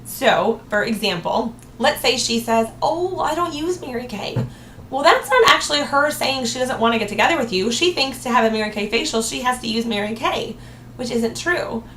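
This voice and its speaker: A woman's voice: on the high side, animated, fairly quick, bright, forceful tone. A woman giving a sales training talk, upbeat and acting out cheerful sample replies to customers. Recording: echoey room with faint noise.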